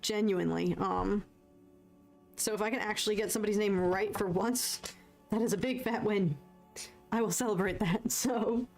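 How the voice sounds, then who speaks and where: A young American woman chatting casually and excitably while painting on a live stream, joking at her own expense and answering viewers. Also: medium pitch, moderate pace, gravelly, faint music behind. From United States. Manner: chatty, excitable, self-deprecating, reads chat aloud.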